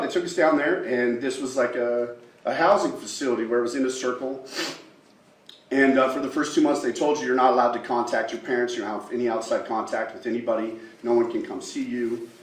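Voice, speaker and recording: A man in his forties from Utah testifying at a legislative hearing, emotional and halting, with many pauses and fillers. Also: mid-range voice. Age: 40s. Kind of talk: public testimony. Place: large legislative hearing room. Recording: echoey room, far from the mic.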